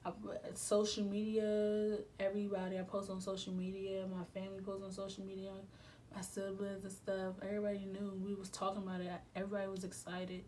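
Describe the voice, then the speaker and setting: A young woman talks straight to her audience in a storytime vlog. Her voice sits at an ordinary middle pitch, and her subdued, emotional delivery stays candid and full of slang and swearing. A faint hiss runs underneath. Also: completely flat delivery, brisk, mellow, poor audio. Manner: candid, slangy and profane, with repetitive phrasing. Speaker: vlogger.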